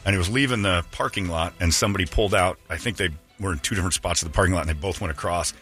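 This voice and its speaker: A man's voice: deep voice, racing, fairly bright tone, soft background music. A man hosting a radio show, telling a long rambling story in a casual, anecdotal way with restarts and asides.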